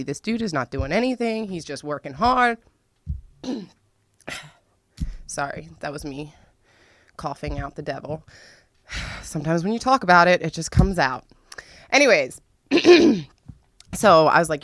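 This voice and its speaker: A young woman hosting a podcast, telling a personal story in a profane, dramatic, animated way with sudden loud squeals. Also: sits low, a little slow, pauses often, no echo. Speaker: podcast host. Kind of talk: casual storytelling monologue.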